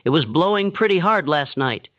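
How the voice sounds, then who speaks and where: A man's voice: on the high side, animated, moderate pace, a bit bright, no echo. A man voicing a cautious, deferential enslaved man who speaks carefully and politely in a narrated story. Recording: dull, dry, lo-fi sound.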